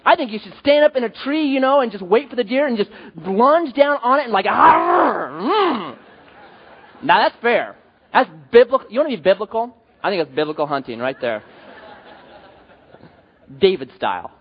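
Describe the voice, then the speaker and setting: A male pastor preaching in a lively, joking storytelling manner, his high voice leaping up and down. His tone is husky and breathy. The sound is slightly dull and rings with a long reverb from a church hall. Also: fairly quick. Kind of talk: sermon.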